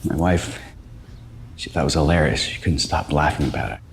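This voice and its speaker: An actor playing a washed-up, anxious middle-aged stand-up comic who talks in a halting, stammering, self-deprecating way. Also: male voice, rumbling low, gravelly, slight background noise. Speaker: stand-up comic pitching a show.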